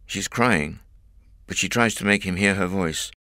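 A man narrating a story in a clear, expressive audiobook reading. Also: deep voice, measured pace, no room sound, clean studio sound.

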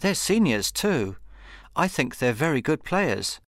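Earnest teen schoolboy in an audiobook, lifted pitch, lively, read by a man. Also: unhurried, dry recording, clean studio sound, full character voice. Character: earnest teenage schoolboy athlete. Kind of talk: audiobook character voice.

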